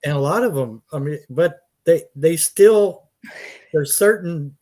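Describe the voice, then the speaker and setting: American man, slightly high pitch, casual chat, long explanations, restarts. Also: measured pace, a little mellow. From United States. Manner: explains at length with restarts and fillers.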